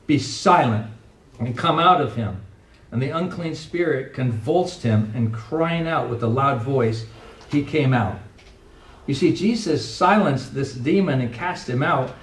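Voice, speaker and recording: A middle-aged pastor preaching a sermon with earnest, emphatic delivery, recorded from a distance in a church sanctuary. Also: male voice, mid-range voice, lively intonation, measured pace. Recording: echoey room, voice from a distance.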